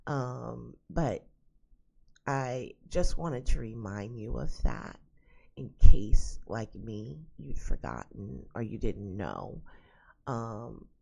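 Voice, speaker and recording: A woman's voice: very deep voice, sing-song, slow, vocal fry, warm tone, breathy edge. A woman vlogging at home, chatting casually to camera and telling exasperated stories full of asides. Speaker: psychic vlogger. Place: at home indoors.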